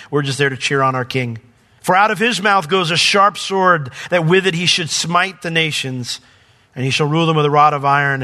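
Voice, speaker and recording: A male pastor preaching a sermon, conversational and emphatic, swinging from raised exclamations to quiet, intense passages. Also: on the high side. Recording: long hall reverb.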